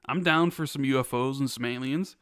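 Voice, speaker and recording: A man's voice: medium pitch, a little fast, fairly bright tone, smooth, no room sound, studio quality. A man hosting a podcast, casual and joking, teasing his co-host. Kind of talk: casual chat.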